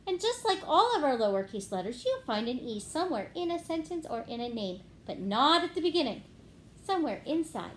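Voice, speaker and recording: A woman teacher giving a gentle phonics lesson to young children, clapping out words syllable by syllable. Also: sits high, sing-song, a little fast, a little hiss or hum.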